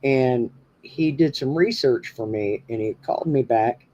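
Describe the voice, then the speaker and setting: A man's voice: medium pitch, measured pace, warm tone, lo-fi sound, slight background noise. A man hosting a paranormal podcast, telling a story in a rambling, casual way with many fillers. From New Hampshire. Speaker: podcast host.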